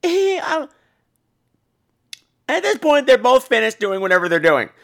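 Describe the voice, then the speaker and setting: A man hosting a podcast, telling a funny, profane story in an animated way. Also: very high voice, unhurried, vocal fry. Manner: animated, profane, jumps between voices. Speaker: podcast host. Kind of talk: comic storytelling.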